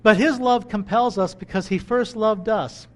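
Animated high-voiced man preaching. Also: normal speed. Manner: animated, swings between loud bursts and quiet asides. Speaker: pastor. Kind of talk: sermon. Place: country church.

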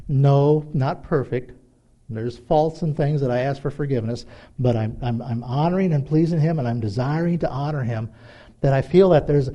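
A middle-aged man preaching a sermon in a conversational, animated way, acting out little dialogues. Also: mid-range voice, highs cut off. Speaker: pastor.

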